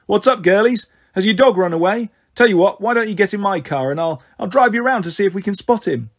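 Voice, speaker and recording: A man's voice: high-pitched, lively intonation, brisk, voice pushed up. A man reading a storybook aloud, voicing a creepy stranger who sounds falsely kind and coaxing. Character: creepy overfriendly man in a car.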